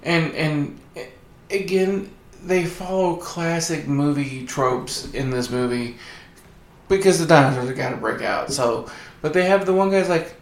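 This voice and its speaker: A co-host chats casually in a medium-pitched, unhurried voice, often hesitating and restarting. The room sounds echoey.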